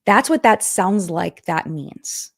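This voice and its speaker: Woman, live-stream host, casual and chatty, thinks out loud, lowish pitch. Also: lively intonation, takes it slowly, gravelly. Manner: chatty, thinking aloud, reads comments and contract text. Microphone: streaming setup.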